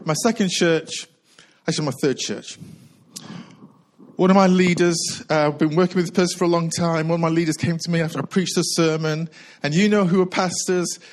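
A middle-aged male pastor preaching a sermon, a little out of breath, repeating key lines and slowing down hard to stress them. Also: on the high side, steady tone, low-quality recording. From United Kingdom. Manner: earnest preaching with repetition and slow emphatic phrases.

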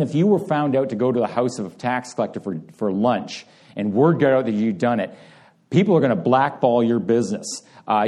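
A man delivers a sermon in a relaxed, conversational way. His voice is mellow and dark. He acts out what the crowd says as he goes and talks straight to people in the pews. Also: medium pitch. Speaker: pastor.

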